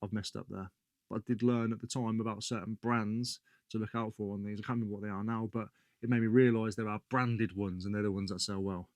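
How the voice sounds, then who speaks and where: Speaking fast in a fairly low, darkish voice with little pitch movement, a British man casually discusses his resale finds. He's slangy and keeps correcting himself in the middle of sentences, as a reseller vlogger. The recording is dry.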